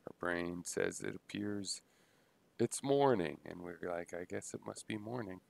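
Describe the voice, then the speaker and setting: A man thinking aloud in a halting, unscripted philosophical monologue, full of pauses and restarts. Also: low-pitched, creaky. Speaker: video blogger musing on philosophy.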